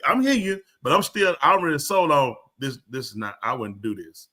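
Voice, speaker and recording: A man's voice: fairly high pitch, a little fast. An older man, a preacher, telling stories in casual talk and acting out dialogue in a raised voice. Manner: animated, acts out dialogue in raised voice.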